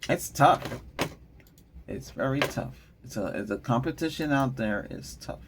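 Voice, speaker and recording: A man's voice: medium pitch, lively intonation, measured pace, background noise. A middle-aged man hosting a tech channel, chatting casually and rambling, often laughing and trailing off mid-thought. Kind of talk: casual rambling vlog chat.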